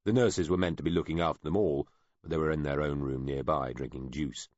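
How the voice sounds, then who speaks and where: A man narrating an audiobook in a measured storytelling way. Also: rumbling low, fairly even intonation, darkish tone, no room sound, muffled recording. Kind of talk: scripted narration.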